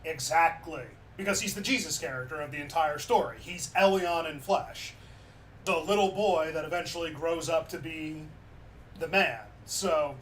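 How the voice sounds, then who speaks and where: A man with a high voice chats casually to his stream, retelling a story in a loose, animated way. He sits a little back from a distant mic. Faint noise hums behind him. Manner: animated, loose with many fillers.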